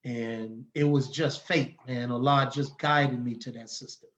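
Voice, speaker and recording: A man, telling stories as a podcast guest in a lively, casual way and acting out the people he quotes. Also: medium pitch, a little slow, highs cut off. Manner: animated, acts out the people he quotes, laughs often. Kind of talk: casual storytelling.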